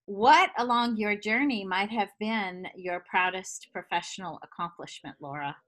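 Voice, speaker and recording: A woman hosting an interview, responding to her guest warmly and enthusiastically before asking her next question. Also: mid-range voice, moderate pace. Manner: warm, affirming, enthusiastic. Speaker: interview host. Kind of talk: conversational interview.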